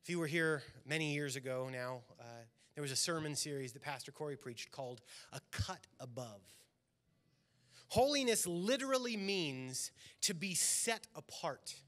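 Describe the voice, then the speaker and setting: A man's voice: sits high, sharp tone. Earnest male pastor preaching. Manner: earnest, swelling emphasis on key lines. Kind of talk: sermon. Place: church sanctuary.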